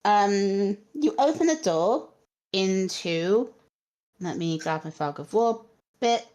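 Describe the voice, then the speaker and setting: Woman, game master, slow pace, hesitant, many ums, tabletop narration. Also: medium pitch, lively intonation, darkish tone.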